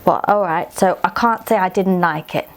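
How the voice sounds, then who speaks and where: A woman's voice: lowish voice, moderate pace, lightly acted. A woman voicing a cheeky, chatty little girl fairy who talks bluntly and straight to the listener in a children's story.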